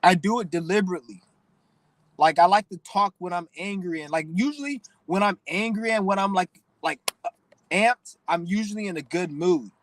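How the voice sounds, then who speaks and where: A man's voice: sits high, expressive, moderate pace, fairly bright tone, a little hiss or hum, rough recording. A young man hosting his own channel, ranting bluntly and profanely in a preachy, emotional way. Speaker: channel host. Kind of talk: casual vlog rant.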